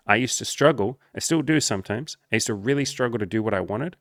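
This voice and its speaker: A man coaching on dating and life in a casual monologue, blunt and full of swearing, acting out the people he quotes in a higher voice. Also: animated, fast, fairly bright tone, dry recording, studio quality. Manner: profane, blunt and emphatic.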